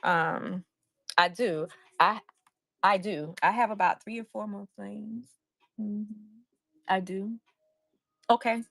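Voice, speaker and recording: A woman running a casual live stream where she sells handmade crafts. She is loud and excitable and chats with viewers in the chat. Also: mid-range voice, slow, vocal fry, pauses often, no echo. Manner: loud, by her own word.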